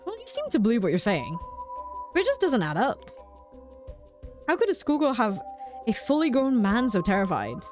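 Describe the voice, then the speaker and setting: A skeptical private detective who questions dryly and doubts every claim, as a woman reads him out from a game. The voice stays lively in pitch despite the flat doubt. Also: moderate pace, long pauses, music in the background. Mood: doubtful. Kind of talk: reading game dialogue aloud.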